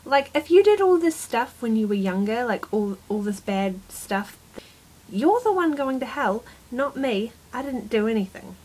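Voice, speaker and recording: Slow-talking woman vlogger, rambling storytime. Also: a little high, sing-song, a little mellow, husky, poor audio. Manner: rambling, exasperated, self-mocking. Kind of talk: casual storytime monologue.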